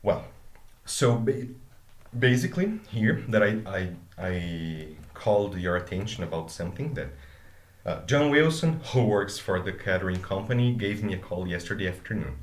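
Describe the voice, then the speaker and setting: A man's voice: fairly low pitch, lively intonation, moderate pace. A man, teaching an English grammar lesson. He explains with examples and often checks in with "okay?". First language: Portuguese. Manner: explains with examples, asks okay after each point. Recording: echoey room.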